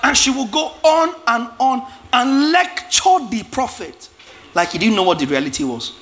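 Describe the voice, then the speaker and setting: A man preaching a lively sermon, acting out biblical characters with shouts and laughs. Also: extremely high pitch, normal speed, some chatter behind.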